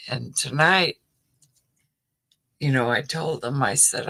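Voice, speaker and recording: A woman's voice: very deep voice, takes it slowly, creaky, long pauses, sharp tone. A middle-aged woman hosting a casual livestream chat, rambling with lots of "you know" as she answers viewer comments. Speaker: livestream host.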